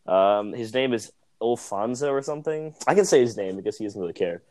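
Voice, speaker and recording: A man's voice: on the low side, animated, fairly quick, a little mellow. A young man casually telling a work story on a podcast, rambling, with fillers and self-amused asides. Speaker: podcast co-host.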